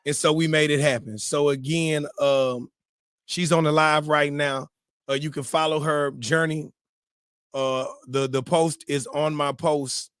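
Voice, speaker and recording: A man hosts a morning live-stream, talking in a slangy, casual way as he gives preachy advice. His voice sits a bit high, and he repeats words and bursts out loud when he gets worked up. The recording is dry and close, with no room sound. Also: measured pace, clear, resonant tone, no room sound. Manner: animated, preachy advice with sudden loud outbursts. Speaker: morning show host.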